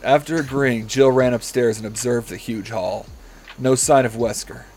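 A man's voice: mid-range voice, fairly even intonation, normal speed, crowd noise. A man hosting a comedy podcast, reading a story aloud and often breaking into giggles.

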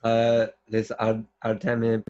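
A man's voice: lowish voice, completely flat delivery, takes it slowly, lo-fi sound, background noise. A man co-hosting a podcast in casual chat, joking and often trailing off into mutters. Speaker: podcast co-host.

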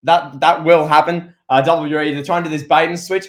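Excitable podcast guy rambling through predictions, slightly high voice, lots of restarts. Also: fairly quick, hardly any pauses. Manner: rambling, excitable, full of restarts and playful impressions. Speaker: podcast co-host. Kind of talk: casual wrestling podcast chat.

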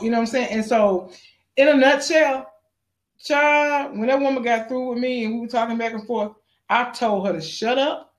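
An actress being interviewed, telling stories in a lively, animated way and acting out the voices of the people she quotes. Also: normal speed. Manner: acts out quotes with big pitch jumps. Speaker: actress guest. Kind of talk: animated storytelling.

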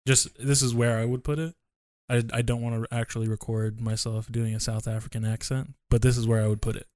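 A man's voice: medium pitch, level tone, fairly quick, darkish tone, dry recording, clean studio sound. A man co-hosting a podcast, chatting casually in a laid-back, joking way. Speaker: podcast co-host.

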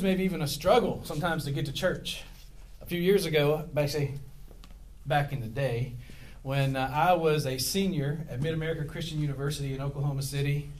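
A man's voice: on the high side, steady tone, brisk. A middle-aged man preaching a sermon to his congregation, rambling off on tangents with self-deprecating humor. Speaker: pastor. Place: church with a congregation.

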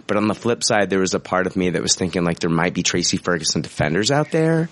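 Animated, profane podcast co-host man. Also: lowish voice, fast talker, few pauses, no room sound. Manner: profane, laughing, rambling. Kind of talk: casual crude podcast banter.

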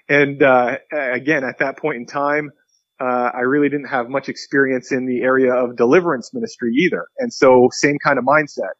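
A man's voice: medium pitch, steady tone, normal speed, a bit bright, no room sound. Man, pastor, earnest storyteller, acts out quotes, dry close sound, slightly dull audio. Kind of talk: podcast interview storytelling.

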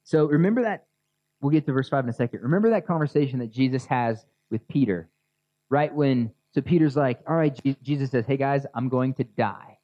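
A man's voice: mid-range voice, fairly quick, no room sound. A man preaching a sermon in a casual, conversational way, guiding his listeners to imagine scenes. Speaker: pastor. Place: outdoors near a grassy area with children. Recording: dull lo-fi sound.

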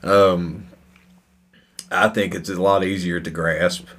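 A man's voice: deep voice, little pitch movement, slow, fairly bright tone. A man co-hosting a podcast in casual chat, rambling and swearing freely, laughing often. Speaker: podcast co-host.

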